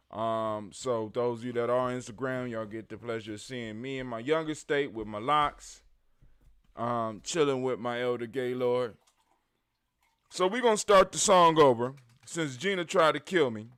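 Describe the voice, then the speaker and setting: A man hosting a live stream in a casual chat, laid-back and teasing, talking straight to his viewers. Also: mid-range voice. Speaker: live show host. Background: loud hip hop music.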